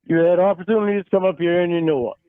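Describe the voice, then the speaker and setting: A man's voice: sits high, fairly even intonation, very fast, clear, resonant tone, no echo. A man arguing angrily and swearing on a recorded phone call. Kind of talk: heated phone argument. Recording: tinny phone-line recording.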